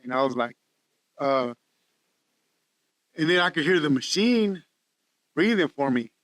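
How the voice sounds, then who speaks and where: A man telling a personal testimony in conversation, halting and earnest, often repeating words. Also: on the high side, animated, a bit bright, no room sound. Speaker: guest sharing testimony. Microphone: podcast studio mic.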